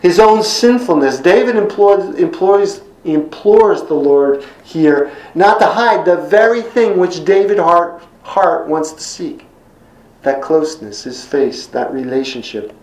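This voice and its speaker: A middle-aged man preaching a sermon in an earnest, emphatic way, slowing down and repeating words when quoting scripture. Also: a little high, animated, darkish tone, echoey room, rough recording. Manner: earnest, emphatic repetitions, slows for scripture quotes. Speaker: pastor.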